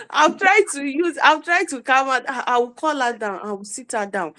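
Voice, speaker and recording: A woman's voice: on the high side, lively intonation, a little slow, a bit bright, rough recording. A mother asking a workshop question, telling a long story about her children with frequent restarts. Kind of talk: casual question on a call.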